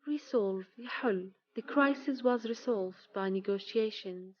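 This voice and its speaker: A woman teaching vocabulary, reading single words and example sentences in a slow, measured way. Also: a little high, dry recording, lo-fi sound. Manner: slow, measured reading, one word at a time.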